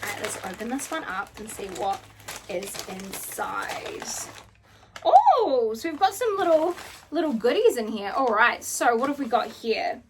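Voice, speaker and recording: A young woman from New Zealand with a high, bright voice, chatting through a casual unboxing vlog. She gushes and gets emotional, piles on exclamations and drops the odd swear. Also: sing-song, a little slow, noisy background. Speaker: vlogger.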